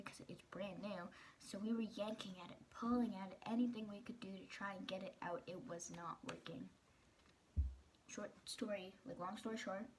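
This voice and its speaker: A woman's voice: medium pitch, slight background noise. A teenage girl vlogging, telling a personal story in a casual, chatty way, full of "like" and quoting the people in it.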